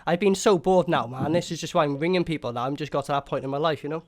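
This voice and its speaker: A quick-talking man on a prank call, his voice a touch higher than most. He keeps up a mock-polite, chummy patter, tossing in mate and good sir. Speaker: prank caller.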